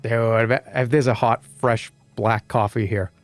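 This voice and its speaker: A man, chatting casually on a live stream, rambling and joking, now and then breaking into loud animated rants. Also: mid-range voice, unhurried, faint music behind.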